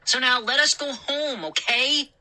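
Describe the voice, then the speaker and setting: A woman voicing frightened storybook children who shout in panic. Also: sits high, measured pace, pitched above the performer's own voice, heavily acted. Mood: panicked. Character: frightened kids, narrator and friends.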